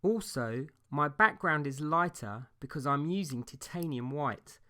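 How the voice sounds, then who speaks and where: A man giving a calm, measured voice-over for a painting tutorial, explaining each step as he works. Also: fairly high pitch. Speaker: painting instructor.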